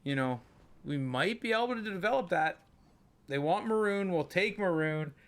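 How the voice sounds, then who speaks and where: Excitable young man commenting his game. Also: sits high, normal speed. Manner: chatty, thinks aloud, excitable outbursts. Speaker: gaming channel host. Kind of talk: gameplay commentary.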